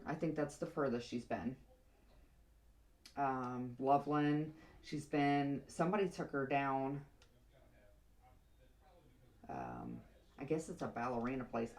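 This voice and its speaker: A woman's voice: rumbling low, a little mellow. Chatty woman rambling while styling hair. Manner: rambling, chatty, with muttered asides to herself. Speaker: vlogger. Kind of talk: casual storytelling while doing her hair.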